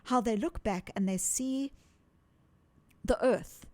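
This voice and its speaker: A woman guest in an interview, explaining ideas in an earnest, animated way and repeating words for emphasis. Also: fairly high pitch, slow pace, pauses often. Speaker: psychologist guest.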